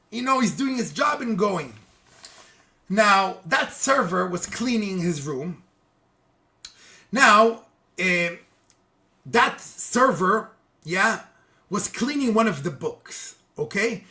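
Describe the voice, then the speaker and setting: A religious teacher telling a moral story in an animated way, acting out the quotes and often calling the listeners guys, with halting restarts and repeated words. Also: medium pitch. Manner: lively, acts out quotes, keeps addressing listeners as guys.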